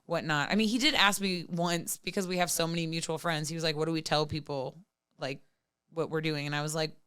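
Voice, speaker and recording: A woman's voice: sits low, steady tone, fairly quick, fairly bright tone, smooth, dry recording, studio quality. A woman in her thirties talking candidly and profanely as a podcast guest, full of "like" fillers. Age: 30s. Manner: frank, profane, many "like" fillers. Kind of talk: candid casual chat.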